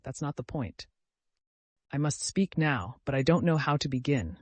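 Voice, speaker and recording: A man's voice: mid-range voice, lively intonation, moderate pace, no echo, lightly acted. A man performing a tormented young murderer pouring out a confession, his voice lifting and falling sharply as he pleads and despairs. The sound is close and dry, with no room around it. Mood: anguished. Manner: anguished, pleading.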